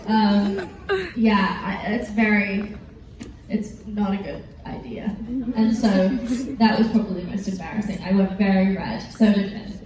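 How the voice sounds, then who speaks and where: A woman's voice: medium pitch, unhurried. A woman answering fan questions at a convention panel, telling rambling stories full of fillers and giggles. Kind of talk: casual convention Q&A. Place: large convention hall. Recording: echoey hall, voice from far off, background noise.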